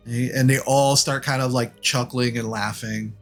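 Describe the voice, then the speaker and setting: A man's voice: mid-range voice, level tone, normal speed, few pauses, soft background music. A man narrating a tabletop game as game master in a casual, loose way. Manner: casual, loose, many fillers.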